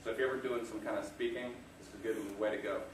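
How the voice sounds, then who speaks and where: Rapid-fire and steady in tone, this guest speaker's voice sits on the low side as he gives an audience a motivational talk. Self-deprecating stories and frequent chuckles fill it, and the echoey room, distant mic, and slight background noise color the recording.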